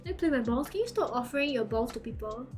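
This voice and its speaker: Young Singaporean woman streamer, high pitch, giggly, rambling chat, faint music underneath. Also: animated, fast talker, darkish tone. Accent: Singaporean English. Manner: giggly, rambling, laughs often. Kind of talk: casual chat with live viewers.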